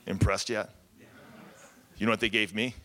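A man's voice: lowish voice, flat delivery, normal speed, a bit bright. A man, a pastor, telling his story in a candid, conversational sermon with self-deprecating humor.

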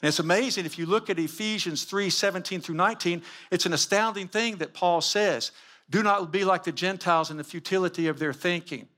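A Christian teacher with a high, sharp voice speaks a little fast, giving a sermon-style lesson with slides. He's emphatic and keeps repeating rhetorical questions.

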